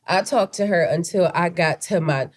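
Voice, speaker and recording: A woman's voice: on the low side, moderate pace. A woman in her thirties co-hosting a podcast, telling stories in a candid, casual way with plenty of swearing. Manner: candid, profane storytelling. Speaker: podcast co-host. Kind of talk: casual chat.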